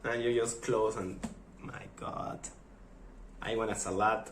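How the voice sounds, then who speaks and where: A man's voice: on the low side, takes it slowly, roomy sound, a little hiss or hum. A Spanish-speaking man from Mexico with a Mexican accent, chatting casually on his vlog and acting out funny little exchanges. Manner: animated, acts out funny quoted exchanges. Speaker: vlogger. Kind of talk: casual chat.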